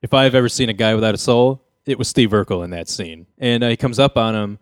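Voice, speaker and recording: A man hosting a casual podcast chat, retelling a TV episode with jokes and quick impressions of the characters. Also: mid-range voice, clear, resonant tone, no echo, clean studio sound. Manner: joking storyteller, mimics characters' lines. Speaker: podcast host recapping a sitcom episode.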